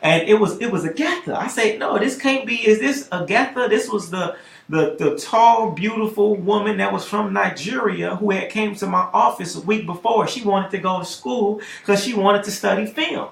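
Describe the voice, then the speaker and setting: A man telling a story on a talk show, lively, getting loud and high at dramatic moments. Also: normal speed, creaky, reverberant. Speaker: podcast host telling a story. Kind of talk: animated storytelling.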